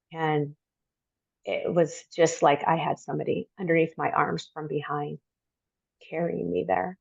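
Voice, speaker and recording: Middle-aged woman guest telling her story, lowish voice, dry and kinda muffled, lots of ums. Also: fairly even intonation, gravelly, a little mellow, no room sound. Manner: reflective, halting with many ums. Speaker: podcast guest. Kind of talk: personal story in interview.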